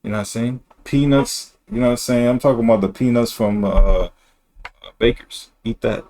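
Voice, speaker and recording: A man's voice: mid-range voice, moderate pace, dark tone. A male streamer talking in a rambling, slangy and blunt way during a casual reaction stream.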